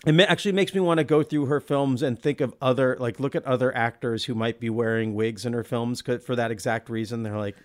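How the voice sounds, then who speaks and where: A man in the middle of the male range co-hosting a casual film discussion. He talks with enthusiasm and thinks aloud, often drawing words out slowly or restarting a sentence before he goes on. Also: medium pitch, fairly even intonation. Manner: thoughtful, enthusiastic, drawn-out words and frequent restarts. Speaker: podcast co-host.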